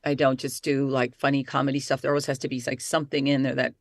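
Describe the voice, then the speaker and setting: A middle-aged woman, an actress and voice-over artist, chatting excitedly in an interview. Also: rumbling low, quick pace, no echo, clean studio sound. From Italy. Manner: lively, talkative, excitable. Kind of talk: casual interview chat.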